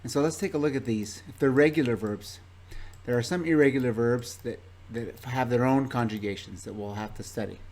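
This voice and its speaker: Male teacher, mid-pitched, patient, spells out word lists clearly for a class. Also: a little fast, darkish tone. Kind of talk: recorded classroom presentation. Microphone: own microphone in front of him.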